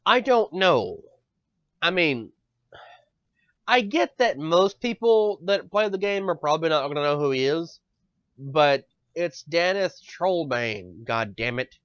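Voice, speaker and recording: A man hosting a casual podcast, ranting in an animated, profane way and often stumbling over his words. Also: on the high side, slow pace, no echo. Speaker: podcast host. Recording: dull dry lo-fi audio.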